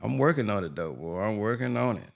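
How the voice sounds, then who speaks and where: Lively folksy man with a gravelly edge. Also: on the low side, brisk. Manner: lively, laughing, folksy exclamations. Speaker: host. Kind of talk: casual chat.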